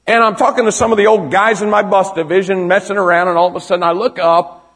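A man delivers a storytelling sermon to a room of young people, his fairly high voice rising to shouts and dropping to hushed near-whispers. He challenges his listeners head-on with pointed questions. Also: steady tone, quick pace, slightly rough. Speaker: preacher, youth pastor.

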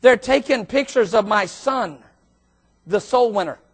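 A middle-aged male pastor telling a story from the pulpit. He is animated and excitable, and his voice sits very high and bursts into shouts at the exciting moments. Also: a little slow. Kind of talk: sermon storytelling.

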